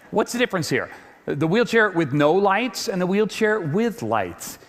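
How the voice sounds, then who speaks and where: A man speaks from a large auditorium stage with a lively, swooping delivery. His voice sits a touch high, and he often repeats words as he gets going. The sound carries a long hall reverb. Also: normal speed. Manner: animated, repeats words when getting going. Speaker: speaker giving a stage talk.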